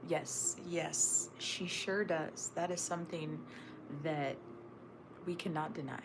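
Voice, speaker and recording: Looking out over a snowy backyard, a woman hosts a relaxed home livestream, chatting with viewers, responding to comments and frequently slipping into a whisper. Her voice is on the low side with vocal fry, at a moderate pace, against steady background noise.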